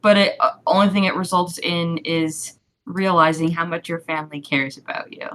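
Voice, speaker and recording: A woman co-hosting a casual chat, chatty and adding points with quick asides. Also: lowish voice, steady tone, a bit bright. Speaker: podcast co-host.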